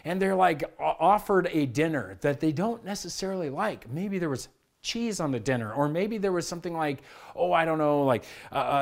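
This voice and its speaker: A middle-aged man preaching a sermon as pastor, energetic and conversational, with lively asides. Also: fairly high pitch. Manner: energetic, conversational, acts out his kids' whiny voices. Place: church.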